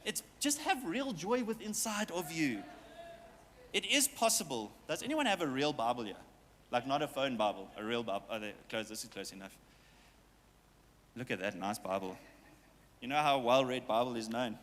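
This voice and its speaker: A man's voice: medium pitch, very animated, moderate pace, long pauses, a bit bright, big-room sound, a little hiss or hum. A man preaching a sermon as pastor, talking straight to his congregation with playful asides and quoted voices. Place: church hall with long reverb.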